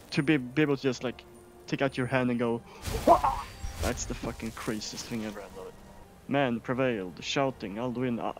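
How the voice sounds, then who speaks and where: A man from Sweden giving casual, excitable gameplay commentary as a streamer, swearing often. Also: medium pitch. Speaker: gaming streamer.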